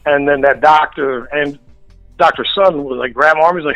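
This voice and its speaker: Man on a radio show, fairly high voice, close dry studio mic, swearing freely while he spins a story. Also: a little fast, no room sound, muffled recording, soft background music. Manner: profane, blunt, animated storytelling. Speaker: guest. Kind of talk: casual storytelling interview.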